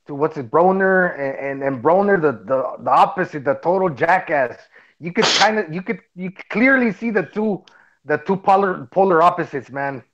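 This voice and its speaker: A man's voice: on the high side, a bit bright, muffled recording. Man with a heavy Mexican accent. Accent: Mexican Spanish. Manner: halting, full of restarts. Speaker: podcast co-host. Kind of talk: casual chat.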